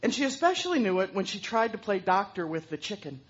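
A woman telling a story aloud in an animated way, throwing in sound effects. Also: medium pitch, quick pace, slightly rough, dull audio. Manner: lively, with vocal sound effects.

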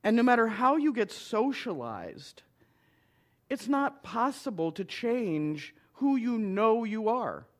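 A minister with a high voice speaks slowly and deliberately, leaning on short emphatic phrases. It is heartfelt personal storytelling delivered to a listening crowd. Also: male voice, sing-song. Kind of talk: personal storytelling talk to an audience.

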